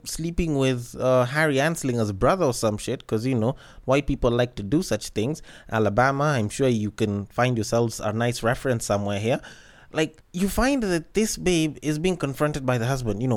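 A man's voice: mid-range voice, moderate pace. A man hosting a solo podcast, telling cheeky stories in a joking, rambling manner. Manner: cheeky, joking, tangent-prone storytelling. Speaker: podcast host. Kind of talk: casual solo podcast monologue.

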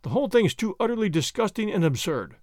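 Man narrating a story, dramatic, high lively voice, dry close recording. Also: fast, dry recording. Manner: expressive, dramatic reading. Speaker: audiobook reader.

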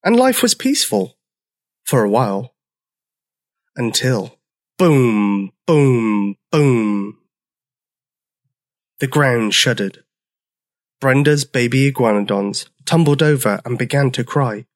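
Male storyteller, children's story, slow pace, animated, gentle reading. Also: mid-range voice.

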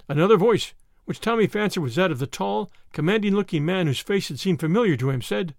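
Lively, high-voiced male narrator. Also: brisk, vocal fry, hardly any pauses, dry recording, clean studio sound. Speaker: audiobook narrator. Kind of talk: scripted narration.

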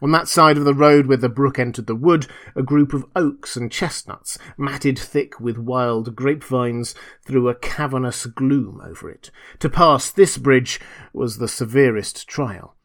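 A man reading a classic gothic tale aloud as a storyteller, theatrical and sinking to hushed tones at the tense parts. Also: mid-range voice, a little slow.

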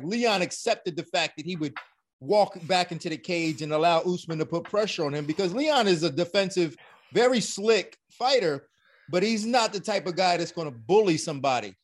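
A man with a high voice breaking down a fight in emphatic, analytical casual talk. He speaks in a relaxed way, building his points one by one. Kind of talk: casual chat.

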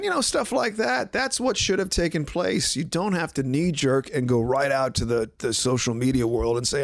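A man hosting a sports podcast, talking casually and sarcastically, giving betting picks and mimicking others in quick asides. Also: medium pitch, vocal fry, no echo, clean studio sound. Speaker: podcast host.

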